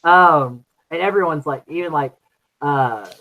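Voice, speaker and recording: A man hosting a casual podcast chat, retelling scenes with lively acted-out quotes. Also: unhurried, narrow, tinny audio. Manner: animated, acts out quotes with big pitch jumps. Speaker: podcast host. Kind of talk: casual chat recapping episodes.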